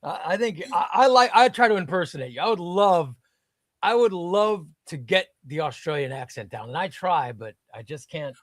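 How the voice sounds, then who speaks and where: A man talking comics with a friend. He sounds eager and emphatic, and his voice is a little higher than most men's. The recording is dry and close, with no room sound. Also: lively intonation, moderate pace, no room sound. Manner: eager, emphatic, asks many questions. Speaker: comics discussion panelist. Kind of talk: casual chat.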